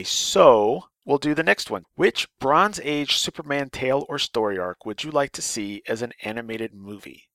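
A man's voice: mid-range voice, creaky, sharp tone, dry recording. A man hosting a casual podcast, reading listener mail in a chatty, rambling way. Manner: rambling, chatty, with fillers and restarts. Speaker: podcast host.

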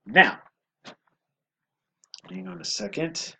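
A man's voice: a little high, lively intonation, takes it slowly, sharp tone, rough recording. Man casually flipping through comics. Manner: rambling, self-deprecating, with frequent fillers. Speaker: podcast host reviewing comics. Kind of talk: casual commentary.

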